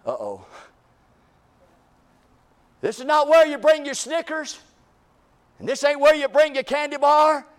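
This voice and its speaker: A man preaching a sermon, his voice pitched unusually high for a man. He preaches with fervor, stretching his phrases and pushing up into shouts as he drives his point home. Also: fairly even intonation, normal speed. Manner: impassioned preaching, rising to shouts. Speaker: pastor.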